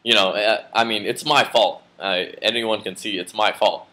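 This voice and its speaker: A man with a fairly low voice tells a personal story straight to camera. He rambles in a casual vlog style, with plenty of fillers and restarts. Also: fairly even intonation, moderate pace, sharp tone. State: just woke from a nap. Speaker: vlogger.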